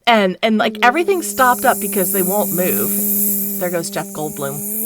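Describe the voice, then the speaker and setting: A woman's voice: mid-range voice, moderate pace, background noise. A middle-aged woman telling a story as a podcast guest, laughing often and acting out the people she quotes. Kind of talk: casual storytelling.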